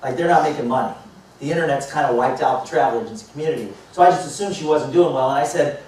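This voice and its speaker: A man in his fifties, a motivational speaker telling lively stories to a live audience and acting out both sides of conversations. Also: a little high, quick pace. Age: 50s. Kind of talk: storytelling talk to a live audience. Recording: echoey hall, mic far off, faint noise.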